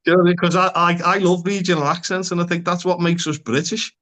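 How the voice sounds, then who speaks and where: A man's voice: sits high, little pitch movement, quick pace, pushed and bright. A man speaking as a psychotherapist guest in a casual podcast conversation, talking frankly and bluntly, swearing freely and using local slang.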